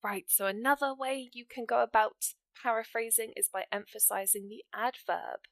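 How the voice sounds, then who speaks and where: A woman's voice: a little high, steady tone, moderate pace, vocal fry, a bit bright, dry recording. Woman english teacher going thru example sentences, dry close sound, encouraging. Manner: encouraging, talks through examples step by step. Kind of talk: explaining writing exam grammar.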